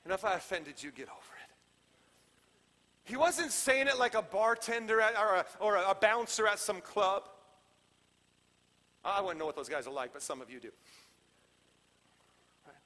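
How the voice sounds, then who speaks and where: A man preaching a sermon as pastor in a conversational way, swinging between loud emphatic lines and hushed ones. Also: high-pitched, animated, moderate pace, long pauses. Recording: long hall reverb.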